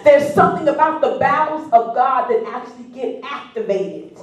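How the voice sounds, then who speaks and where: A woman's voice: sits high, animated, normal speed. A woman pastor preaching a sermon, drawing the congregation in with questions and answers and building fervor. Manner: preaching with call and response, rising fervor. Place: church sanctuary. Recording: echoey church hall from far off.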